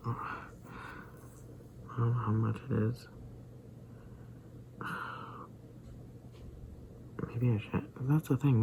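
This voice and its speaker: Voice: medium pitch, vocal fry, a little mellow, slight background noise, rough recording. A young adult vlogger who feels sick, rambling hesitantly and often slipping into a whisper. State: feeling sick and tired. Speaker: daily vlogger. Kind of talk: rambling personal vlog.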